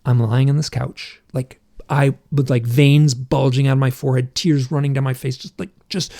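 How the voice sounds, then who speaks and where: A middle-aged man, a podcast guest, tells a personal story in a halting, intense way, with many restarts. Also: mid-range voice, fairly even intonation, mellow.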